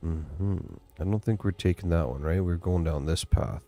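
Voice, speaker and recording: A man's voice: sits low, normal speed, few pauses, warm tone. A Canadian man hosting a gameplay video, chatting casually, explaining things and laughing often. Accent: Canadian English. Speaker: gaming channel host.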